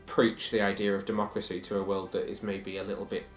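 A man talks through his opinions in a relaxed, chatty co-host manner. His voice carries a noticeable room echo. Soft music sits faintly underneath. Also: deep voice, quick pace. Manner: chatty, opinionated, reads quotes aloud. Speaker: podcast co-host. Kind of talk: casual TV review chat.

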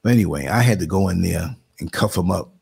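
A man in his sixties with a New York accent, hosting a live show and chatting casually, telling animated stories and acting out quotes in a higher voice. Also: fast talker, gravelly, a little hiss or hum. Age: 60s. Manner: animated storyteller, acts out quotes in a higher voice, laughs often. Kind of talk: casual live-stream chat.

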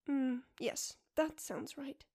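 A woman's voice: sits high, fairly even intonation, slow, mellow. A woman voicing a polite, reclusive man who is used to being unseen, speaking formally in a storybook reading.

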